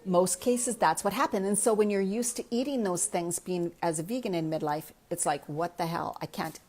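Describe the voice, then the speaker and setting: A woman's voice: mid-range voice, moderate pace, darkish tone. A woman in her fifties, a midlife health coach, talking candidly in a casual live chat and answering viewer comments from her own experience. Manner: candid, chatty, speaks from personal experience.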